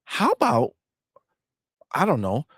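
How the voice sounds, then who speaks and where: Animated, profane male gaming co-host. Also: fairly high pitch, takes it slowly, husky, no room sound, clean studio sound. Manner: animated, heckling, swears a lot. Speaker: podcast co-host. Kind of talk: profane casual gaming chat.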